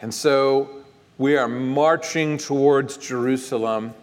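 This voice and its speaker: Texan pastor preaching in a reverberant church. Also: male voice, mid-range voice, slow. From Texas. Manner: relaxed, searching for words. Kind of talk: conversational sermon. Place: church sanctuary. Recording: long reverb of a large church.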